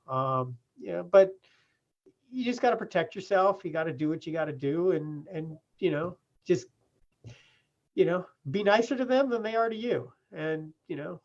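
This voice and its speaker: A Californian man who runs a process-serving business tells stories from his job in a casual interview, plain-spoken and full of "you know." His voice is a little high with a darkish tone, and the remote recording sounds muffled and lo-fi.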